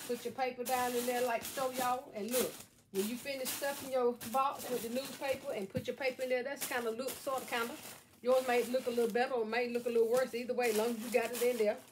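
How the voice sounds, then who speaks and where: In her home craft vlog, a middle-aged woman addresses viewers directly, folksy and playful, walking through a how-to. Her voice is a little high, the background is noisy, and she's recorded by a camera set on a stand at a table.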